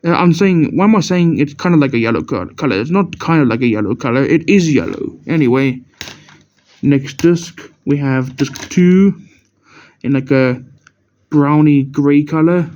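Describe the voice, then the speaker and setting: A man's voice: fairly high pitch, animated, normal speed, a little mellow. Rambling young man, dull lo-fi audio. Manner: rambling, self-correcting, stumbles over words. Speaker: collector showing DVDs. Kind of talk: casual show-and-tell narration.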